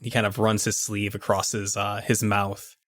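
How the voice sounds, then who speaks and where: A man's voice: lowish voice, little pitch movement, normal speed, fairly bright tone, no room sound. A man running a tabletop game as game master, narrating scenes and prompting the player.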